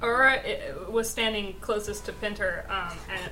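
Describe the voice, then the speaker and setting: A woman's voice: mid-range voice, moderate pace, sharp tone, a little hiss or hum, rough recording. A woman player describing her character in a tabletop game, hesitant and stammering.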